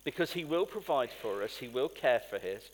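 A man's voice: mid-range voice, expressive, normal speed, slight background noise. A man preaching a sermon in a conversational, storytelling way, with asides to the congregation. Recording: long hall reverb.

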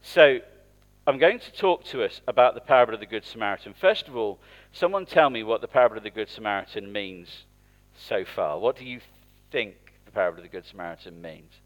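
A man's voice: fairly low pitch, lively intonation, fairly quick, lo-fi sound. A man preaching in church, speaking conversationally and asking the congregation questions. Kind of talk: interactive sermon.

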